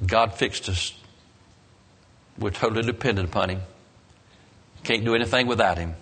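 A man preaching a sermon, telling the story dramatically with emphatic rises and soft, low endings. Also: moderate pace, pauses often, breathy edge.

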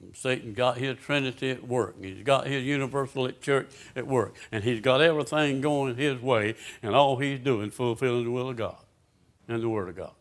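A pastor preaching a sermon, reading scripture aloud and putting questions to his congregation. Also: mid-range voice.

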